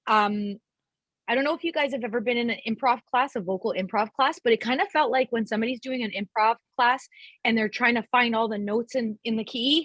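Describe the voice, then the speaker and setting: A woman judging a music competition, giving animated, candid critique and acting out what she heard. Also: fairly high pitch, fairly quick, no room sound, poor audio. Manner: animated, imitates sounds. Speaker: judge. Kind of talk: critiquing a performance.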